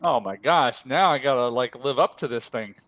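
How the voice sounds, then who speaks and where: A man's voice: medium pitch, moderate pace, dry recording. Upbeat man guesting on a podcast. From Pennsylvania. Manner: energetic, laughing, calls the host brother. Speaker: guest speaker coach. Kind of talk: podcast interview.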